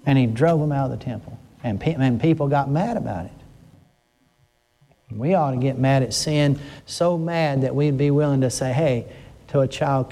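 With a dark tone at a moderate pace, an older man preaches an earnest, emotional sermon as a pastor. When stirred his pitch climbs, and he frequently breaks off and restarts his sentences.

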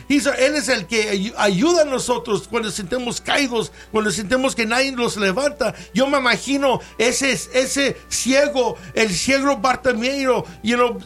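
A man's voice: very high voice, fairly bright tone. A man preaching a bilingual sermon, switching between English and Spanish and calling out for amens from the congregation.

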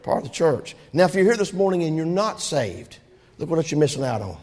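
A man, preaching a sermon with rising shouts and call-and-response. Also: fairly high pitch, big pitch swings, brisk. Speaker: pastor. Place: church sanctuary. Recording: long hall reverb.

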